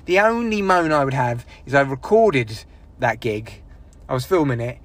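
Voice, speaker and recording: A man hosting his own podcast, delivering an angry, sweary monologue about a bad gig with bursts of shouting. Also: medium pitch, sing-song, moderate pace. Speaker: podcast host. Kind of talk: solo ranting podcast monologue.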